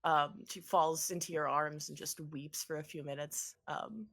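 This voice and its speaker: A woman's voice: low-pitched, fairly even intonation, measured pace, creaky, a bit bright. A woman narrating as game master in a tabletop game, with many ums as she meanders through descriptions.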